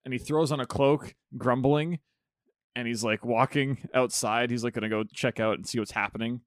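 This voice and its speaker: A man's voice: mid-range voice, fairly even intonation, moderate pace, no echo, clean studio sound. A man playing a tabletop game, casually narrating his character's actions. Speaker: player.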